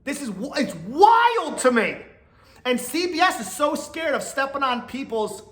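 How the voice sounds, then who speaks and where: A man's voice: extremely high pitch, sing-song, a little slow, fairly bright tone, echoey room. A man hosting a podcast, giving blunt, exasperated commentary and laughing often. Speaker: podcast host. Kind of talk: casual opinion commentary.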